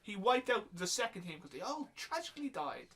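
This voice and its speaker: A man's voice: sits high, sing-song, brisk, crowd noise. A man co-hosting a podcast, chatting casually, asking questions and adding comic-book trivia. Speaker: podcast co-host. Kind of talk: casual movie review chat.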